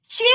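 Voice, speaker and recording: Her voice is very high with a sharp edge. A livestream host, she fires off profane, taunting commentary at a troll, laughing between each jab.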